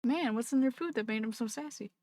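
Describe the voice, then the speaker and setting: A woman's voice: on the high side, fast, a little mellow, no echo. A woman streaming a game live, chatting casually and talking to her pets between laughs. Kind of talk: casual live-stream chat while gaming.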